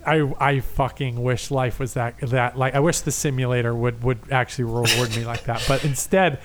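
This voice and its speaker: A man co-hosting a podcast in casual chat, telling an excited story full of swearing and acted-out dialogue. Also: medium pitch, normal speed, a little hiss or hum. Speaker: podcast co-host.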